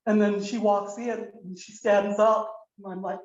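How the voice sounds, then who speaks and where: A woman's voice: medium pitch, fairly even intonation, normal speed, darkish tone. An older woman giving a eulogy as the mother-in-law, telling a rambling, candid story and acting out the quoted dialogue. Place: memorial service room. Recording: roomy, muffled video-call audio.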